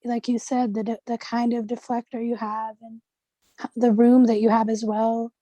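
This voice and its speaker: A young woman with a sore throat talking in a monotone, chatting casually as a student on a group video call. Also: fairly high pitch, moderate pace, no room sound.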